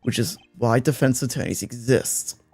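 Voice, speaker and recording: A man reading the lines of a composed, formal male prosecutor in a mystery game, measured and deliberate. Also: mid-range voice, gravelly, mellow, slightly rough, soft background music.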